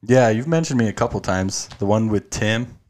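A young man with a somewhat low voice, relaxed and easygoing as he chats with a friend on a podcast. He speaks casually with plenty of slang and agrees readily. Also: normal speed. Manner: laid-back, agreeable, slangy. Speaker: podcast guest.

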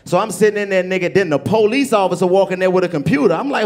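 Young male comic, fairly high voice, animated stage storyteller with loud bursts. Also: fast talker. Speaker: comedian. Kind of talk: live comedy storytelling. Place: comedy club stage with audience.

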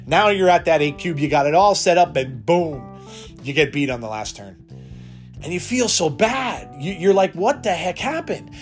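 Guy rambling on his podcast, kinda high voice, keeps restarting sentences, faint guitar behind. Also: sing-song, moderate pace. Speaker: podcast host. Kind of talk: unscripted solo podcast talk.

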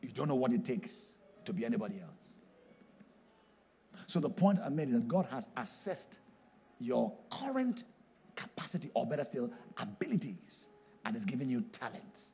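Man, pastor, sermon, raspy gravelly voice, emphatic, lively pitch. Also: moderate pace, faint music behind. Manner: emphatic preaching, swings from hushed to shouting.

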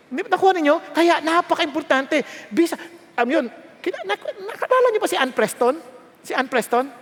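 High-voiced preacher in an echoing hall. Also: male voice. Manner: animated, switches between hushed and shouted emphasis, asks the crowd questions. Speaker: pastor. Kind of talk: sermon. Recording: long echo of a large hall.

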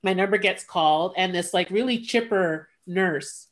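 A woman's voice: medium pitch, normal speed, few pauses. A woman talks casually with a friend, recounting a personal story in a candid, blunt way. She trips over her words and restarts often, and she acts out each exchange by quoting what everyone said. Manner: candid, animated retelling with quoted voices, blunt.

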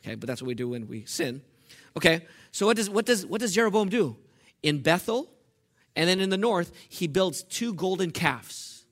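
A man preaching a sermon in church, animated and conversational, asking the congregation questions. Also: high-pitched, moderate pace. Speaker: pastor.

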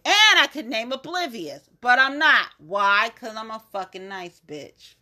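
A woman's voice: on the high side, expressive, measured pace, few pauses, pushed and bright. A woman hosting a podcast, ranting in a blunt, profane and exasperated way in a casual monologue. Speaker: podcast host.

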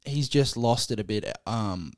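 A man co-hosting a sports podcast, talking in a relaxed, chuckling way with many fillers. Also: on the low side, measured pace, dry recording, clean studio sound. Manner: laid-back, chuckling, hesitant fillers. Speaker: podcast co-host. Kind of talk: casual sports podcast chat.

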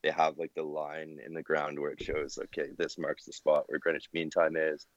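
Deep voiced young guy rambling on a podcast, lots of likes and ums, dull dry recording. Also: completely flat delivery, moderate pace, no room sound. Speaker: podcast co-host. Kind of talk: casual chat.

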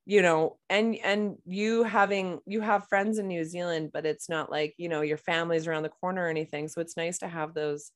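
A woman, co-hosting a casual chat podcast, talkative and quick to laugh. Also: fairly low pitch, fairly even intonation. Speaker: podcast co-host.

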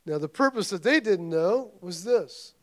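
A man preaching a sermon, passionate and emphatic, with conversational asides and restarts between loud peaks. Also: sits high, lively intonation, measured pace. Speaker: pastor.

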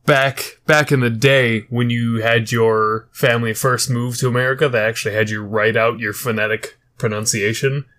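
A man's voice: mid-range voice, fairly even intonation, moderate pace, hardly any pauses, a bit bright. A man who is a guest on a podcast, chatting casually, teasing and swearing. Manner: laid-back, swearing, teasing. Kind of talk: casual chat.

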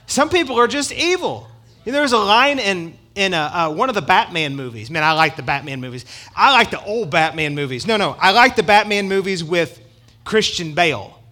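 High, bright-voiced preaching man. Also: big pitch swings, moderate pace. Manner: preachy, emphatic and conversational with asides. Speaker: pastor. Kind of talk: sermon.

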